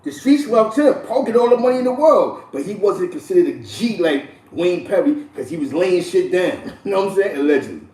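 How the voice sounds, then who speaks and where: A man hosting casual street storytelling, talking loosely with slang, repeats and frequent shout-outs. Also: sits high, big pitch swings, a little fast, few pauses, recorded from a distance. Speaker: host. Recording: echoey room, voice a bit off-mic.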